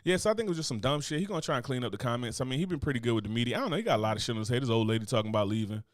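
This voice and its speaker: An American man hosting a podcast, talking quickly and bluntly with plenty of profanity and joking asides. The sound is close and dry, with no room echo. His voice sits at a medium pitch. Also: expressive. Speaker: podcast host. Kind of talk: casual podcast chat.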